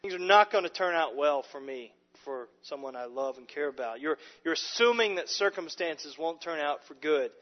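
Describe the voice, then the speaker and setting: A man's voice: on the high side, lively intonation, moderate pace, few pauses. A man preaching a sermon as a pastor, emphatic, often repeating words and restarting phrases. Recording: muffled audio with long hall reverb.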